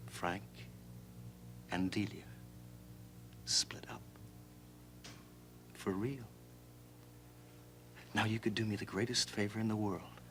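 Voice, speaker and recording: An actor playing a sly, taunting brother in a TV soap opera, speaking in a mocking, sugary, insinuating way. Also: male voice, on the low side, steady tone, takes it slowly, pauses often, fairly bright tone, slight background noise. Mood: scheming. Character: sly, taunting brother who delights in gossip.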